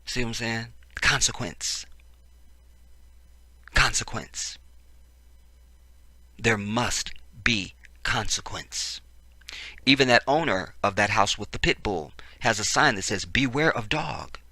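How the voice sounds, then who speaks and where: A man's voice: lowish voice, slow pace, long pauses, pushed and bright, no room sound. Fiery, profane man ranting up close. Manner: profane, emphatic, repetitive; frequent "see what I'm saying" asides. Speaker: political commentator. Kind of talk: ranting video commentary.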